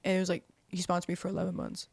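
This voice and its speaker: A woman's voice: lowish voice, very fast, gravelly, a little mellow, dry recording. A woman in her twenties, a podcast guest, telling her story candidly in a profane, rambling way full of "like". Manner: profane and rambling, heavy use of "like".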